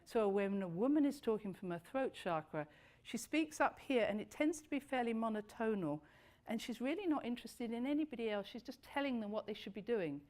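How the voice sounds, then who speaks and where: A middle-aged woman lectures to an audience in a slightly high voice. She talks with animated swoops, leaping high to stress a point, then sinking low and soft. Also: fairly quick. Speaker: speaker giving a talk.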